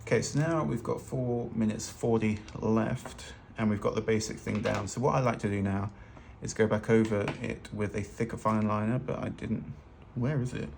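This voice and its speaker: A man's voice: lowish voice, fairly even intonation, normal speed, creaky, hardly any pauses, darkish tone, slight background noise. A man teaching fashion illustration in a loose, chatty, self-deprecating way while he draws. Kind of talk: casual drawing tutorial narration. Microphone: hands-only overhead camera.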